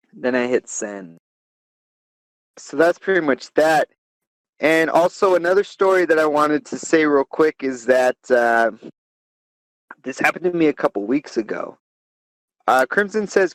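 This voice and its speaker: A man's voice: on the high side, animated, a little slow, long pauses, no echo, low-quality recording. A man hosting a comedy podcast, telling a crude story in a rambling, profane way and laughing as he goes. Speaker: podcast host.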